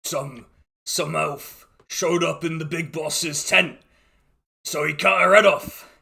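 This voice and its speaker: A man's voice: on the high side, steady tone, slow, creaky, bright, forceful tone. A man narrating a tabletop game as game master, in an amused, rambling way with frequent restarts.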